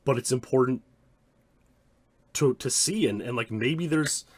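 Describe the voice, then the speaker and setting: A man's voice: medium pitch, a little slow, dry recording. A man, a speedrunner, giving rambling, reflective commentary on his own old streams. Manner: rambling, many restarts and "like" fillers.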